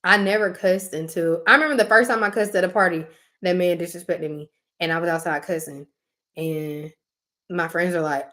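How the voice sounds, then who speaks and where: A woman's voice: lowish voice, moderate pace. A young adult woman co-hosting a casual chat, telling stories animatedly with laughing asides and acted-out quotes. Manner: animated storytelling, acting out quotes; frequent fillers and laughing asides.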